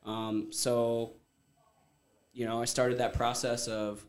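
A man's voice: medium pitch, little pitch movement, takes it slowly. A man around thirty, originally from Ohio, talking as a podcast guest. He tells his story candidly, in a rambling way full of "like" and casual swearing. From Ohio, USA.

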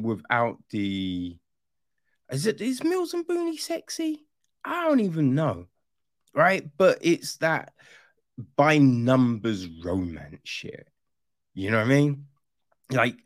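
A man's voice: medium pitch, no echo, studio quality. A man giving a casual, rambling spoken review, sarcastic and incredulous, swearing freely and checking in with "right?" as he goes. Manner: rambling with restarts and frequent "right?". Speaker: film reviewer.

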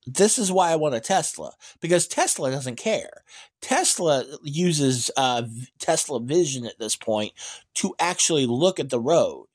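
Guy vlogging slow, rambling w lots of uhs, gets worked up and emphatic. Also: a little high, slightly rough. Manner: rambling, many fillers and restarts; animated, emphatic rants. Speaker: EV news vlogger. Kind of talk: casual opinionated commentary.

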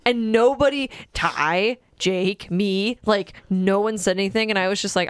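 A young woman co-hosts a casual podcast, telling a story with plenty of laughter and acting out the quotes. Her mid-range voice is smooth and brisk, with few pauses. The sound is studio quality, with no room sound.

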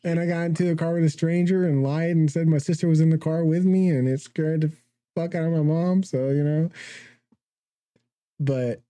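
A man's voice: on the high side, steady tone, normal speed, warm tone, no echo. A young man and podcast co-host telling a rambling story in casual chat, laughing through it.

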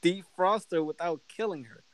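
A man's voice: high voice, moderate pace, no echo, low-quality recording. A man co-hosting a casual podcast chat, teasing the others and laughing easily. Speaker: podcast co-host.

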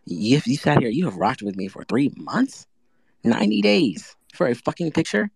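A man's voice: mid-range voice, very animated, normal speed, creaky, breathy edge, dry recording. A man, the founder of a project and a podcast guest, telling his story in a brash, profane and emphatic way. He often restarts with fillers and fires off rhetorical questions. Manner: frequent fillers and self-corrections.

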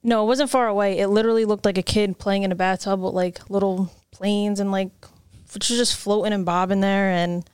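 A woman's voice: medium pitch, steady tone, normal speed, a little mellow, smooth, no room sound, studio quality. A woman ferry captain, recounting a river rescue in a plain, matter-of-fact way during a casual interview. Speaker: ferry captain, podcast guest.

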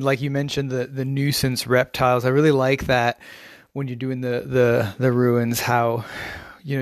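A man's voice: medium pitch, no echo. Man, caller, rambling voice message, lots of ums, dry sound. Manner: rambling, hesitant, many fillers. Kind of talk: casual voice message.

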